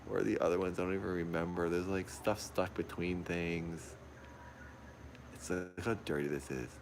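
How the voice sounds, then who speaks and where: A man livestreaming a horror game from a dark room at home, jumpy and easily frightened, repeating his exclamations over and over while recording on a phone. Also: sits low, fairly even intonation, moderate pace, gravelly, noisy background. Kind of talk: live gameplay commentary. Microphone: phone pointed at the TV.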